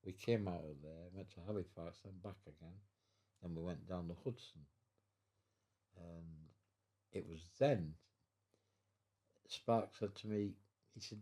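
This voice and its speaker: With a low, dark voice, a veteran in his nineties talks through his life story in a home interview at a measured pace, pausing often. He rambles, repeats, restarts, and chuckles while telling it.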